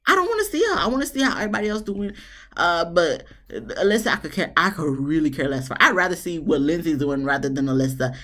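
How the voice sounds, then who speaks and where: A woman's voice: sits low, lively intonation, fast talker, a bit bright. A woman reviewing a reality TV episode in casual, blunt, sassy commentary with slang and exasperated rants.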